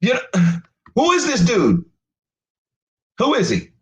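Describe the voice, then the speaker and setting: A man talks straight into his stream, frustrated and emphatic, repeating himself as he swears his way through a rant. His pitch jumps around a lot, and the room behind him is echoey. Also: huge pitch swings, takes it slowly. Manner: emphatic, profane, repetitive. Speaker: boxing commentator streamer. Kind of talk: live stream commentary rant.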